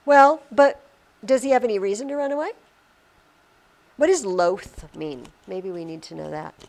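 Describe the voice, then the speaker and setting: Animated woman teaching a classroom lesson. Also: medium pitch, normal speed, creaky. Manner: animated, questioning students.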